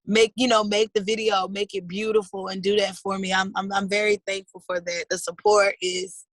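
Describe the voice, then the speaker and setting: A woman's voice: medium pitch, little pitch movement, normal speed, no room sound, poor audio. A woman in her thirties speaking in a heartfelt, earnest way in a personal interview, often calling people "baby". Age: 30s.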